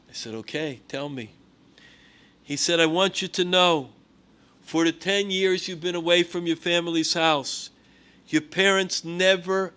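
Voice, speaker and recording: A rabbi giving a sermon, telling a story with Hebrew and Yiddish words and swinging between loud emphasis and hushed tones. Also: male voice, fairly high pitch.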